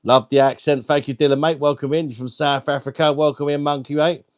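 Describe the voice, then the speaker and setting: A man's voice: on the high side, flat delivery, fairly quick, no echo, studio quality. A young man hosting a casual live stream on a wireless mic, chatty and laughing often as he greets viewers by name. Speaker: livestream host.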